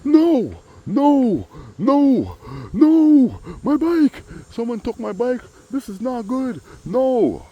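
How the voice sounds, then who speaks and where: A deep-voiced man doing a frantic, high-pitched neighbor guy. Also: big pitch swings, moderate pace, hardly any pauses, breathy edge, dull audio, heavily acted. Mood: panicked. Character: excitable, panicky man from next door.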